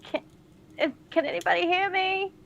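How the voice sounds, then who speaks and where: A woman's voice: very high-pitched, steady tone, normal speed, vocal fry, lo-fi sound, over a noisy crowd. A woman playing her character in a tabletop game, sardonic and unimpressed. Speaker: player. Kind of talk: in-character tabletop role-play.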